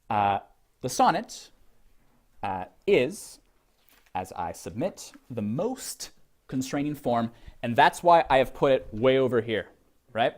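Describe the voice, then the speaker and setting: Man lecturing, musing and digressive. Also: mid-range voice. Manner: digressive, thinking aloud with fillers and restarts. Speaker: literature lecturer. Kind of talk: college lecture with poetry reading. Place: classroom.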